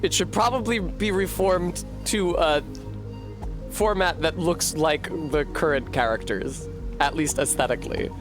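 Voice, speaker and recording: A man's voice: a little high, measured pace. Male streamer, sardonic and profane live commentary, game music faint behind. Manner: profane, sardonic thinking aloud. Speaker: streamer playing a video game.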